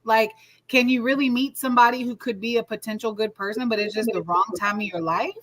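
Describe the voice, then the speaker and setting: Bright-voiced woman telling a story. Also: on the high side, fairly even intonation, quick pace, rough recording. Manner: storytelling, quotes herself and others, cursing. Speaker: podcast co-host. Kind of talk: casual group discussion.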